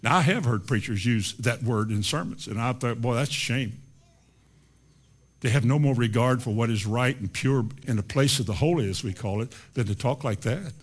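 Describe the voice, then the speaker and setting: A man preaching a sermon, swinging from loud, quick rhetorical questions to slow, quiet passages, and reading scripture slowly. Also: medium pitch. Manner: reads scripture slowly and deliberately.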